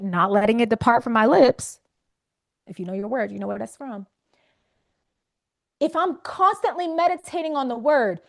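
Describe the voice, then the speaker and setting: A woman hosting a live faith coaching session, speaking conversationally and emphatically to her audience. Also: on the high side. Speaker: faith wellness coach and host.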